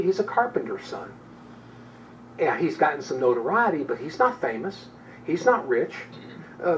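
A man's voice: on the high side, darkish tone. A man teaching a Bible study in an informal, conversational way, with frequent fillers and restarts. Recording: distant, dull room recording with faint background noise.

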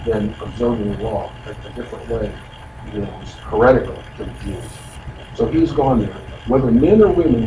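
A Bible teacher with a mid-range voice leads a relaxed, conversational Bible study, explaining the text in a folksy, chatty way with frequent "you know" asides. He sounds far from the mic in an echoey room with steady background noise.

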